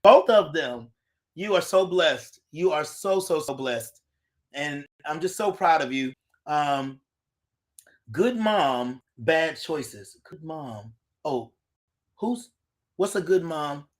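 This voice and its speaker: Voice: medium pitch, lively intonation, slow pace. An adult host chatting casually on a live stream, greeting viewers by name and reading their comments aloud, recorded on a phone.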